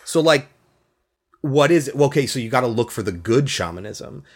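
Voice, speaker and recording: A man on a casual film podcast, retelling a plot in an animated way and slipping into jokey voices for the people he quotes. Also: mid-range voice, a little fast, breathy edge. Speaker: podcast host.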